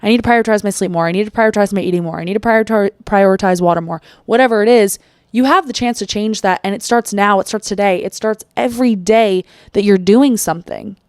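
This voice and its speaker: A blunt woman hosting her own motivational podcast, cursing casually and firing off rhetorical questions. Her voice sits at an ordinary middle pitch and sounds dry and close to the mic, with no room around it. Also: fast, a little mellow, clear, resonant tone, no room sound. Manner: blunt, swears freely, asks rhetorical questions; acts out quoted inner voices. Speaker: podcast host. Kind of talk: solo motivational podcast talk.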